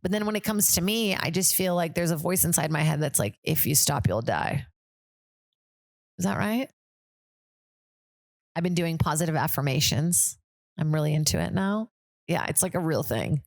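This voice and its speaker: A woman's voice: on the low side, normal speed, no room sound, studio quality. A woman hosting a comedy podcast, chatting casually in a rambling way, full of "like" and swearing. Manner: rambling, lots of "like", swears freely. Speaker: podcast host.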